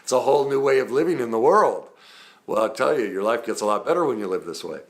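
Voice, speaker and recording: A man's voice: medium pitch, expressive, fast talker. A man, a trauma recovery coach, teaching through personal stories in an earnest, conversational way with frequent ums and self-corrections.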